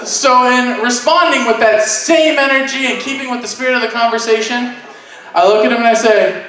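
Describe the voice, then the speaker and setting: A man's voice: very high-pitched, a little fast. A man telling a stand-up story at a convention panel, animatedly acting out the people in it. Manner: animated, acts out voices in anecdotes. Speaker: stand-up comedian. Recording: echoey room from far off.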